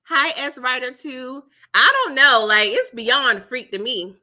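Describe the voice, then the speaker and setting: Bright, lively woman recapping TV. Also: high voice. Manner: animated, dramatic, laughing, slangy asides; mimics characters' lines in quick voices. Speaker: recap channel host. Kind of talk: casual TV recap livestream.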